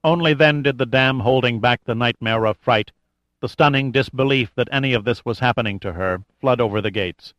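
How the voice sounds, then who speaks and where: A man's voice: mid-range voice, fairly quick, fairly bright tone, dry recording, muffled recording. Male audiobook narrator, dry sound. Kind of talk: scripted narration.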